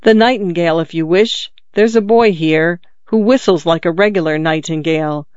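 Awkward, hesitant sailor, read by a storyteller; clear voice, dry recording. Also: medium pitch, normal speed, no echo, dull audio, lightly acted. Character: awkward shy male ship's sailor.

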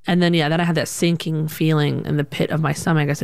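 A woman telling a personal story in an animated, conversational way, with many casual fillers. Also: low-pitched, quick pace, vocal fry, few pauses, smooth. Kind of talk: personal story told to an audience.

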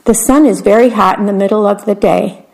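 A woman's voice: mid-range voice, a little fast, creaky, a little mellow, natural voice. A woman reading aloud, voicing a grumpy, self-important man who speaks crossly and demandingly.

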